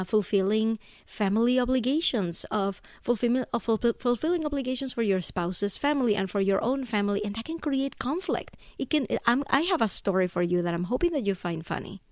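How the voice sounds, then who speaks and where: Woman podcast host, 30s, chatty solo storyteller, mid pitch, dry close sound. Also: no echo. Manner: chatty storyteller, keeps asking "right?". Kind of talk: casual solo monologue.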